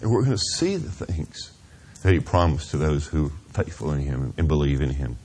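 A middle-aged man preaching a sermon in a church, earnest and confessional, asking "Amen?" of the congregation and dropping to a hushed near-whisper at tender moments. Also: rumbling low, expressive, moderate pace, hardly any pauses, a little hiss or hum. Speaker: pastor.

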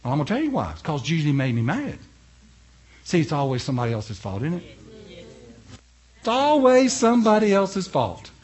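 Husky, emphatic male preacher. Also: on the high side, wildly swooping pitch, moderate pace, long pauses. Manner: emphatic, swinging from hushed to loud; rhetorical questions to the congregation. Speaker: pastor. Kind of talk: sermon.

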